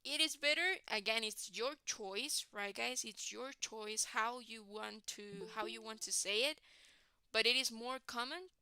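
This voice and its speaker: Woman teacher, talks real slow, bright clear voice, keeps saying right guys. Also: on the high side. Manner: repeats "right, guys?" often, restarts and repeats words. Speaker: English teacher. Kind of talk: slow classroom explanation.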